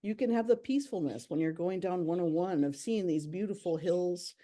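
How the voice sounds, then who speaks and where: A young woman from a park's education staff gives a bubbly, chatty virtual nature presentation through a computer mic on a video call. She speaks fairly quickly in a warm, fairly low voice.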